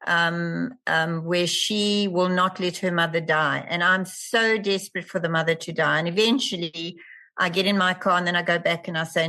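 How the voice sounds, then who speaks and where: A woman's voice: lowish voice, fairly even intonation, normal speed, sharp tone. A woman with a South African accent, a palliative care nurse hosting an interview and telling stories in an earnest, emphatic way. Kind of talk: conversational interview.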